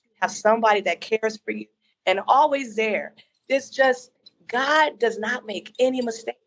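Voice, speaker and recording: A woman with a fairly high voice speaks as a podcast guest. She sounds earnest and encouraging as she gives a faith-centered testimony. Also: moderate pace, gravelly, a bit bright. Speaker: podcast guest, lifestyle coach. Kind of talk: heartfelt testimony.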